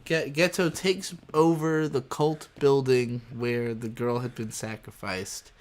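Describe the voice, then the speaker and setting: A man's voice: mid-range voice, steady tone, slow pace. A man hosting a casual anime podcast, rambling through scene recaps and swearing for emphasis. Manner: rambling, many fillers and restarts, swears for emphasis. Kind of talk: casual chat.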